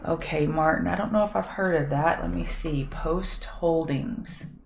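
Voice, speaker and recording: A woman's voice: low voice, measured pace, creaky. A middle-aged woman hosting a live market prep show, chatting with viewers and thinking aloud over charts, her voice a bit scratchy. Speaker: trading show host.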